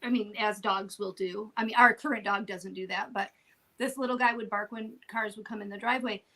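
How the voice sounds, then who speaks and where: A woman's voice: medium pitch, fairly even intonation, a little fast, pushed and bright. A woman co-hosting a casual live-stream chat, joking and giggling as she tells stories about her dog.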